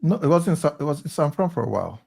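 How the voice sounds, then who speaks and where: A man co-hosting a casual podcast chat, halting and restarting his sentences. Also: on the high side, sing-song, vocal fry, dark tone, slightly rough. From Nigeria. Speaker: podcast co-host.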